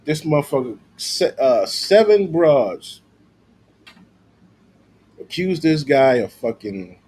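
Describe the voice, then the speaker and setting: A man's voice: medium pitch, animated, normal speed, a little mellow, breathy edge. A man streaming casual, profane commentary, slangy and loose with lots of filler.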